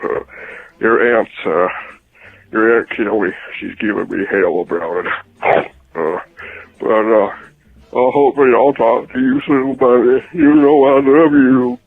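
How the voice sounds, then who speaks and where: A man's voice: mid-range voice, steady tone, husky. A man leaving a rambling voicemail, stalling constantly with filler sounds, heard over a phone line. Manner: halting, full of uh fillers. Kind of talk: voicemail message.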